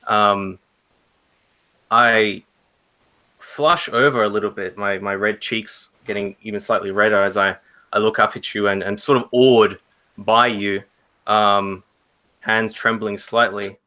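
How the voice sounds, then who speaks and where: Bright-voiced, stammering man. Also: lowish voice, steady tone, unhurried, long pauses. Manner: stammering, repeats words. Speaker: player. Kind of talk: tabletop role-play chat.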